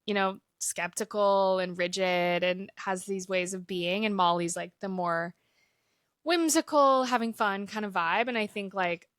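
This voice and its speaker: Young female co-host with an easygoing, chatty delivery and a mid pitch. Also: steady tone, unhurried, fairly bright tone, clear, resonant tone, dry recording, clean studio sound. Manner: easygoing, filler-heavy with "like". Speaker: podcast co-host. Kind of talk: casual chat, reading a review aloud.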